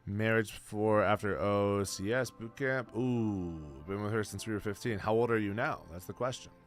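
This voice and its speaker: A man's voice: fairly low pitch, normal speed, soft background music. Blunt, slangy young man streamer. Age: 20s. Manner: blunt, slangy, calls everyone bro and man. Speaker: streamer answering chat. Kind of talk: casual live-stream chat.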